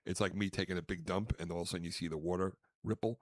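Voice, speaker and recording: A man co-hosting a podcast, telling a long comic story in a casual, animated way and acting out voices. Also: deep voice, rapid-fire, no room sound, studio quality. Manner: animated, acts out quotes loudly. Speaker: podcast co-host, comedian.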